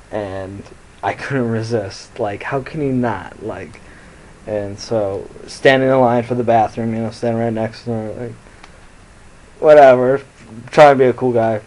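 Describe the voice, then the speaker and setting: A man's voice: mid-range voice, a little mellow, rough recording. Rambling, profane young man telling stories. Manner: rambling, profane, laughs at his own jokes. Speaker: vlogger. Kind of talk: casual storytelling to camera. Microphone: phone.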